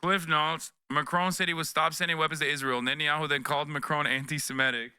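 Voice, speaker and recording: A man's voice: fairly high pitch, little pitch movement, fast, pushed and bright, clear, resonant tone, no room sound. A man in his thirties reacting to news clips on a live stream, sarcastic and profane, close to a desk mic. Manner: profane, sarcastic, mocking voices.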